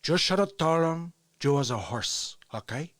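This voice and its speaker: A man's voice: a little high, animated, a little slow, no echo, clean studio sound. A man doing an impression of a tough male gangster from a film, swaggering and menacing.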